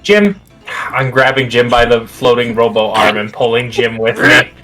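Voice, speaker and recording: A woman's voice: very deep voice, moderate pace, loud music behind the voice. A woman player describing her character's actions in a playful, joking manner. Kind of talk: casual tabletop play.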